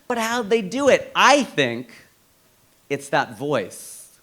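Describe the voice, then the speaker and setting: A man's voice: high-pitched, sing-song, takes it slowly, sharp tone. A man performing a stand-up comedy set on stage into a handheld mic, telling stories with punchy asides to the crowd. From United States.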